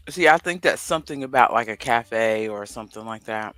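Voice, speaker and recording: A man's voice: medium pitch, lively intonation, a little fast, hardly any pauses, pushed and bright, clean tone, no echo, soft background music. A man co-hosting a casual livestream, rambling and thinking aloud to himself as he works through a crossword. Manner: rambling, talks to himself while solving a crossword. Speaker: livestream co-host.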